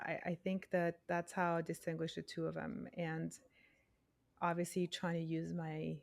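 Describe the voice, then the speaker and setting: A woman hosting a podcast, speaking slowly and thoughtfully with pauses in casual conversation. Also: on the low side, creaky, a little mellow. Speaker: podcast host.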